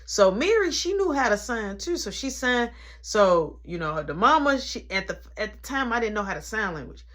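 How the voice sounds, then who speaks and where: A young man tells a personal story casually, playing out each person in it. His voice is fairly high and swings widely in pitch. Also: moderate pace. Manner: animated, acting out the people in the story.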